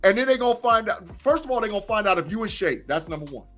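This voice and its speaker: A man's voice: high voice, animated, fast talker, fairly bright tone, faint music behind. A man co-hosting a sports podcast, a former college football player talking emphatically and repeating his points. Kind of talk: casual sports chat.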